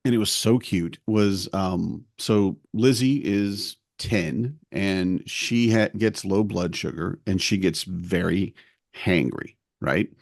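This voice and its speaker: Gravelly low-voiced dad telling stories. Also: male voice, takes it slowly, dry recording, studio quality. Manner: rambling storyteller, acts out family dialogue. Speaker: podcast co-host. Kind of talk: casual chat.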